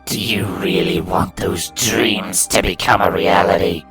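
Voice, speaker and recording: A man's voice: sits low, steady tone, unhurried, gravelly, over music. A man voicing a cruel, taunting inner voice. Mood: menacing. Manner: taunting, accusing, sneering. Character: sinister inner voice, male, mocking and cruel.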